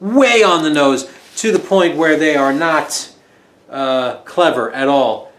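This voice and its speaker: A man's voice: on the high side, takes it slowly, a bit bright, echoey room. A man casually talking through his record collection, rambling and joking as he goes. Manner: rambling, chatty, jokey asides.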